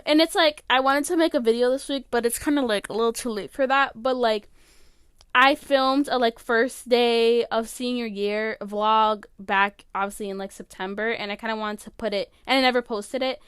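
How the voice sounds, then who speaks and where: Teen girl, podcast host, high voice, smooth and clear, dry close sound, rambling, emotional. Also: normal speed, a bit bright, no echo. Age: late teens. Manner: rambling, filler-heavy, emotional. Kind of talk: casual solo podcast chat. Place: her bedroom.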